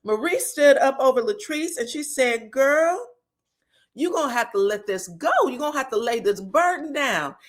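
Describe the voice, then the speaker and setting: A woman hosting a live reaction stream, recapping reality TV drama in an animated, emphatic way and laughing often. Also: high voice. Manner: acts out cast members' lines in quoted voices. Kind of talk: live gossip reaction chat.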